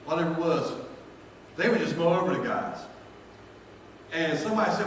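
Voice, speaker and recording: A man's voice: on the high side, animated, fairly quick, a little hiss or hum. A male pastor, telling folksy, joking stories in a sermon. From North Carolina, US. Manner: folksy, jokey, builds to shouted praise. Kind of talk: storytelling sermon. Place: large church sanctuary. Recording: echoey church hall from far off.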